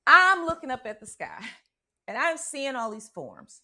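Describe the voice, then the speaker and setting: On her spiritual radio show, a woman tells a personal story with animated drama, frequently checking in with listeners. Her voice is high-pitched and unhurried, with frequent pauses.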